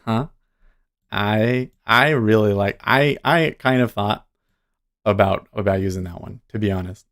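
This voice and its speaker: Rambling low-voiced male streamer. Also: a little slow, fairly bright tone. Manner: rambling, chuckles often. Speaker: day trading streamer. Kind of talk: casual live-stream chat.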